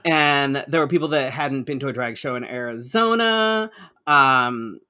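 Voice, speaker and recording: Man, co-host, bright tone, average pitch, chatty, swears freely, restarts often. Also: expressive, unhurried, smooth. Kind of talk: casual chat.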